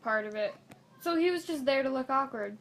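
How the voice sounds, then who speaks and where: A woman's voice: high-pitched, animated, brisk. A young woman chatting casually about a movie, playful and prone to trailing off. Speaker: movie fan co-host. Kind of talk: casual chat.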